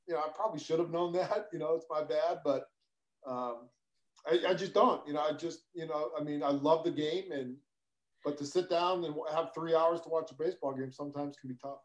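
A man's voice: fairly high pitch, a little fast, low-quality recording. A middle-aged man, a guest on a casual video-call chat, talking in a laid-back, hesitant way with many fillers. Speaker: guest, former player.

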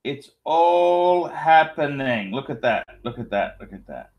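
A man in his forties hosts a casual livestream, his voice a little high and animated at a measured pace, with the highs cut off. He rambles, repeats phrases, swears playfully, and reads out donor messages.

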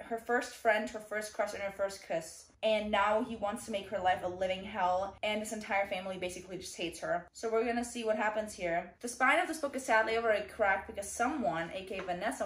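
A tired young woman chatting casually as a book vlogger, rambling and reacting dramatically. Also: mid-range voice. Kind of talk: casual vlog chat. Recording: echoey room.

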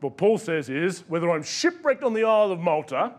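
A man's voice: high-pitched, big pitch swings, a little fast. An Australian male pastor preaching a sermon in a conversational, storytelling way.

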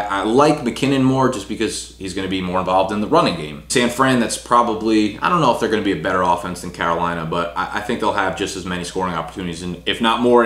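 A man's voice: lowish voice, fairly bright tone. A young man breaking down fantasy football rankings in a casual, talky way, full of "you know" and "right". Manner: fast casual delivery with fillers like "you know". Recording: echoey room.

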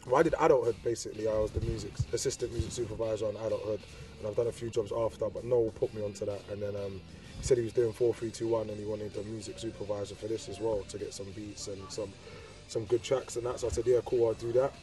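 A man's voice: lowish voice, steady tone, fast talker, dark tone. A young man, an actor and music supervisor answering interview questions in a laid-back, slangy way. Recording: a bit distant from the mic.

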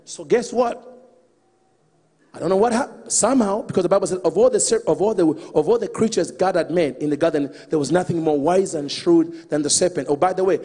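A man with a high, husky voice preaches a lively sermon and keeps calling out to his listeners. His words ring through a large hall with a long reverb. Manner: animated, calls out to the congregation.

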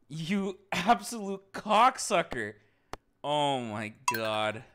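A male streamer chatting with his viewers in a profane, excitable way, often bursting into loud outbursts. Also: fairly high pitch, moderate pace, noisy background. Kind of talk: live-stream banter.

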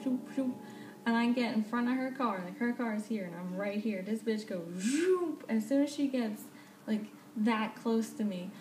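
A young woman tells a story for her vlog in a casual, animated way, cursing often. Her voice sits a bit high, and the room gives it a noticeable echo. A faint hiss of background noise runs underneath. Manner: animated, swears freely, laughs often. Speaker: vlogger telling a story.

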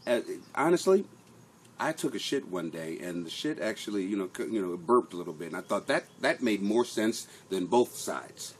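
Middle-aged man, comedian host, rambling and profane, self-mocking, animated pitch, faint noise behind. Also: normal speed. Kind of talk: casual live-stream chat. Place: home basement.

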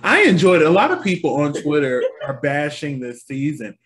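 A man co-hosting a casual review chat, and his voice sits high for a man. It swings up and down all the time, with an animated, exclamatory energy, and he laughs often. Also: moderate pace, a crowd in the background. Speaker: co-host of a review show.

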